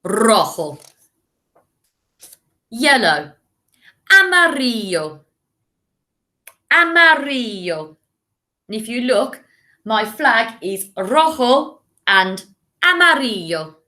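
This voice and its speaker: An English woman, a primary school teacher, giving a recorded lesson to children, speaking clearly and encouragingly and modelling words for them to repeat. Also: on the high side, big pitch swings, slow pace, pauses often, bright, forceful tone.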